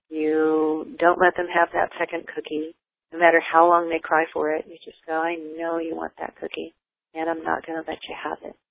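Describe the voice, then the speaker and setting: An older voice explains child behavior in a calm, patient, unhurried way, slipping in "you know" between steady points. The sound is thin and narrow, like a radio call coming down a phone line. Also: medium pitch, vocal fry. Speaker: parenting educator. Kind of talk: explanatory talk on parenting.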